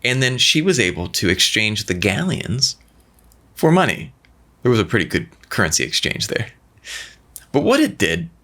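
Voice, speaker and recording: A man's voice: lowish voice, a bit bright. A man hosting a money-tips vlog, telling a family story casually and animatedly, with frequent restarts and repeated words. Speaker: vlog host, father.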